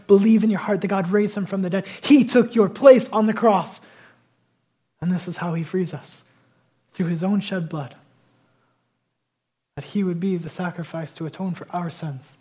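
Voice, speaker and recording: Husky-voiced man preaching a passionate sermon. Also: sits high. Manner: passionate, swings between loud emphasis and quiet intensity. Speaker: pastor.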